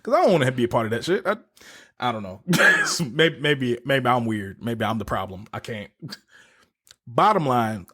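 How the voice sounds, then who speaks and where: A man's voice: mid-range voice, animated, normal speed, a bit bright. A man co-hosting a casual podcast, joking and laughing often as he reacts and shares his own take. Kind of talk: casual chat.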